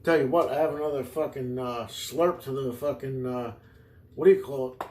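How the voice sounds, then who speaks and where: A man's voice: medium pitch, moderate pace, darkish tone, roomy sound. A man hosting a podcast in a rambling, improvised comedy monologue, swearing freely and jumping from one tangent to the next. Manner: profane, rambling, digressive. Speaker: podcast host.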